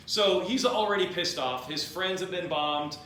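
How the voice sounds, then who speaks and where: A man's voice: high voice, normal speed, sharp tone. Rambling man in a very echoey room. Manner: rambling, jokey, acts out quoted voices. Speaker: storyteller. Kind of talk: comedic drunk history retelling. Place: at a party. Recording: very echoey room with faint noise.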